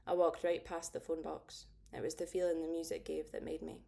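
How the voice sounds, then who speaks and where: A woman narrating a first-person audiobook in a steady, understated way. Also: deep voice, brisk, creaky.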